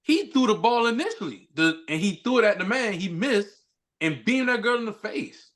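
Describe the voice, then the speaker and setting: A man's voice: high voice, animated, moderate pace, fairly bright tone. A man co-hosting a podcast in casual chat, telling a story animatedly with disbelief. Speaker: podcast co-host.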